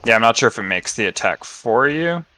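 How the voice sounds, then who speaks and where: Calm man running an online tabletop game. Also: medium pitch, fairly quick. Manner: calm, guiding players through rules. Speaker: dungeon master.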